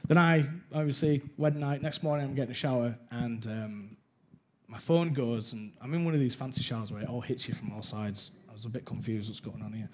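A young man candidly sharing his personal testimony in a conversational way, with halting restarts. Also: mid-range voice.

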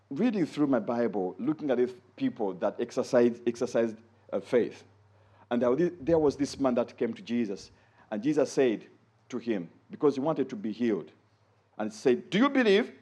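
Husky, animated male preacher. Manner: animated preaching, rising to high exclaims when quoting and dropping low for asides. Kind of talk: sermon.

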